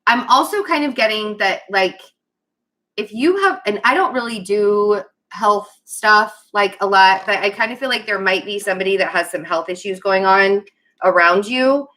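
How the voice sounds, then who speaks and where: A woman's voice: medium pitch, moderate pace, pushed and bright. A woman giving a casual tarot reading, rambling and giggling, often stopping to apologize. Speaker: tarot reader.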